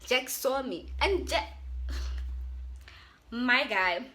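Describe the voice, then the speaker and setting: A woman's voice: high-pitched, animated, extremely slow, bright, forceful tone. A young South African woman with an accent, chatting animatedly to her viewers as she tells a storytime. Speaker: YouTuber. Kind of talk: casual storytime.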